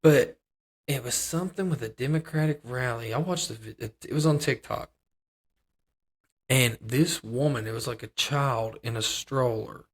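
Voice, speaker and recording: A man's voice: mid-range voice, normal speed. A man co-hosting a casual podcast chat, rambling and hedging with many restarts. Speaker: podcast co-host.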